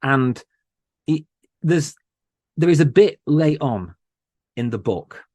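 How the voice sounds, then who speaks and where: A man guest on a podcast, talking in an earnest, emotional way with many halting restarts. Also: on the high side, lively intonation, darkish tone, dry recording. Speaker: podcast host, interview guest. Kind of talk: casual interview chat.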